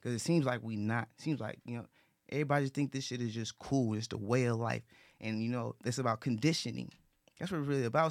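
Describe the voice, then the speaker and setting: A man's voice: fairly high pitch, creaky, no echo, clean studio sound. A man talking earnestly in casual conversation, repeating himself and restarting his sentences. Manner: earnest, repetitive, with frequent restarts and profanity. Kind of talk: casual talk.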